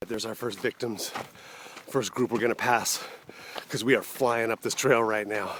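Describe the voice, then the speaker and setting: A man's voice: fairly low pitch, steady tone, moderate pace, background noise. A man filming himself on an outdoor hiking trail, out of breath from climbing, joking and coaching his partner along in casual running commentary. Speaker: vlogger filming a hike.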